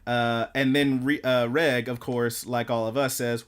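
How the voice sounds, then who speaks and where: Here a podcast co-host talks at a moderate pace in a medium-pitched voice, loosely going over anime episodes. Along the way he quotes and performs the characters' dialogue with lively, rambling energy.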